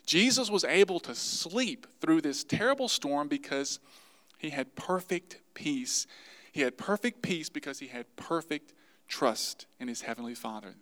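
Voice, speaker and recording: A man preaching a sermon to his congregation, lively and acting out the voices he quotes. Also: medium pitch. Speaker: pastor.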